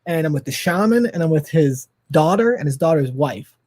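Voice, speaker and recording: Husky-voiced man in his thirties telling a story. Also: a little high, moderate pace. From United States. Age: 30s. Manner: lively, laughs often, swears freely. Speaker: podcast guest. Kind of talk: animated storytelling in casual chat.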